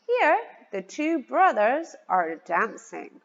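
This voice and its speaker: A woman gives a children's vocabulary lesson, spelling words letter by letter and taking it slowly. Her slightly high voice is sing-song, rising and falling, with some vocal fry. The lo-fi recording sounds dull, with a long reverb trailing behind.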